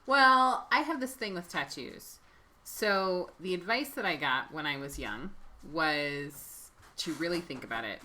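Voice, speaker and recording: A woman's voice: fairly low pitch, animated, measured pace, sharp tone. A woman co-hosting a live tool stream with her husband, chatting casually and tossing in short agreeing replies. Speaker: co-host, host's wife.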